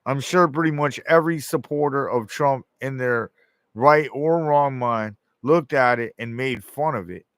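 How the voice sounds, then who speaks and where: A man's voice: mid-range voice, measured pace, a bit bright, no echo, studio quality. A man delivering a rambling, profane monologue, often acting out quoted voices. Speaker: show host.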